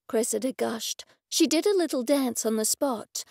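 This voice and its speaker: A woman reading an audiobook in wry, even first-person storytelling. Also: a little high, moderate pace, gravelly, hardly any pauses, no echo, clean studio sound. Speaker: audiobook narrator. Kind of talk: scripted narration.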